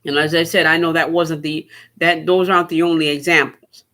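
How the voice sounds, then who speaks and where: Bright, high-voiced man riffing sarcastically. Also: little pitch movement, fairly quick. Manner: rambling, sarcastic, laughs at his own points. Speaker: podcast host. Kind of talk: solo political commentary.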